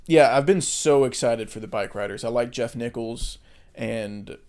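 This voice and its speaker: A man's voice: medium pitch, measured pace, a little mellow. Rambling American man on a podcast. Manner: rambling, swears casually, many fillers. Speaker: podcast co-host. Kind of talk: casual chat.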